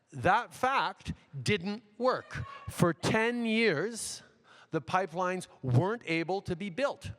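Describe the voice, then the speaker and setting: A man, a politician, answering audience questions at a town hall in a measured way, repeating phrases and using frequent fillers. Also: on the high side, fairly bright tone. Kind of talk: unscripted public Q&A answers. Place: large university hall. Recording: long echo of a big hall.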